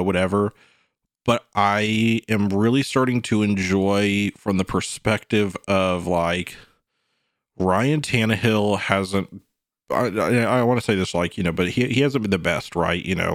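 Guy with a lowish voice rambling on a sports podcast, lots of "you know", dry mic. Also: dry recording. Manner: animated, slips into mock quotes. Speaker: podcast co-host. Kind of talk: casual sports chat.

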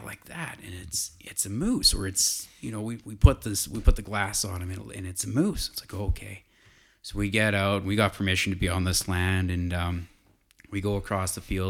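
A man's voice: low voice, fairly bright tone. A man telling a casual hunting story, rambling with fillers and restarts.

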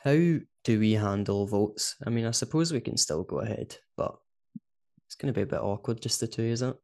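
A Scottish man talks casually on a podcast, sitting a little low in his register. He chats easily and breaks into laughs as he goes. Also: lively intonation, moderate pace, a little mellow. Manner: chatty, laughs often, says "do you know what I mean". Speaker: podcast co-host. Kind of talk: casual chat.

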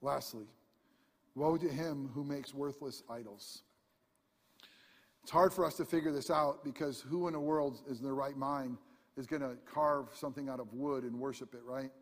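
A man preaching a sermon as pastor, impassioned, swinging from hushed asides to loud cries. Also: medium pitch, steady tone, normal speed. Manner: impassioned preaching, rising to shouts. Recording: long hall reverb.

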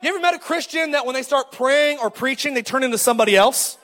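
A middle-aged male pastor preaching a lively, joking sermon and calling out to the congregation. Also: very high voice, fast, long reverb tail. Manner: animated, joking, calls for crowd response.

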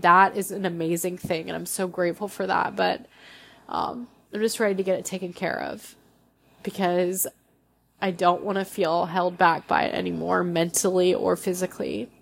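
Young woman, solo podcast host, raw and emotional, halting delivery, gravelly fry. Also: fairly low pitch, a little hiss or hum. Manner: candid, emotional, halting with restarts.

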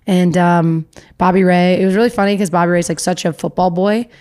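A woman's voice: on the low side, steady tone, a little fast, a little mellow. A young woman co-hosting a podcast in casual chat, upbeat and chatty, with plenty of "like" and "you know.". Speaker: podcast co-host.

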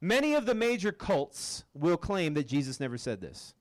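A man's voice: on the high side, very animated, normal speed. A man preaching to a campus group in a casual, joking way, often checking in with the room. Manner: casual, joking, keeps asking the crowd "right?". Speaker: campus ministry speaker. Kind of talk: sermon.

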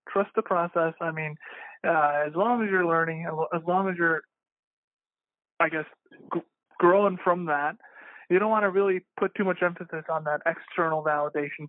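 A man with a high voice restates ideas in a casual chat, hesitant and quick to laugh at himself. The line is narrow and phone-like, with no room sound. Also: no echo. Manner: hesitant, self-deprecating, laughs often. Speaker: podcast co-host.

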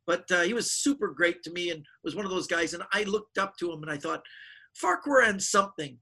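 A middle-aged man, a touch husky, spins stories in a high and bright voice. He slips into the voices of people he quotes. The talk is loose and casual, like an interview. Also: a little fast, rough recording. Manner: animated storyteller acting out quoted voices. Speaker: guest magician.

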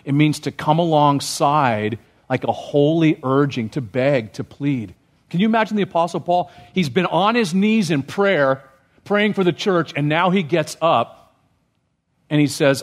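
A male pastor delivers a sermon in a church sanctuary. His voice sits a little high for a man, and his delivery is loose and conversational. He keeps asking the congregation questions as he preaches. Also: moderate pace.

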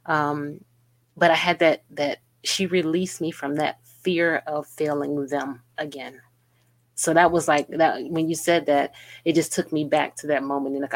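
A woman's voice: sits low, no room sound. A middle-aged woman co-hosting a podcast, telling a personal story in a rambling, emotional way. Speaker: podcast co-host. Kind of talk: casual chat.

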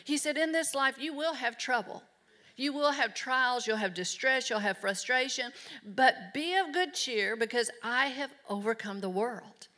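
A woman's voice: sits high, measured pace, sharp tone. A middle-aged woman preaching a sermon in an emphatic, earnest way. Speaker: pastor.

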